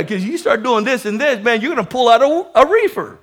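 A male pastor preaching with lots of energy, voice pitched very high and bright. He calls out hallelujah between his lines and laughs as he preaches. The delivery is animated and lively. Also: a little fast. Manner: animated, exclaims hallelujah and man often, laughs while preaching. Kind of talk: lively sermon.

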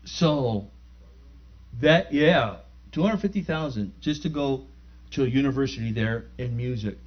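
An older man preaching and telling a family story, with halting restarts that build into loud, excited bursts. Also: mid-range voice, highs cut off. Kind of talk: storytelling sermon.

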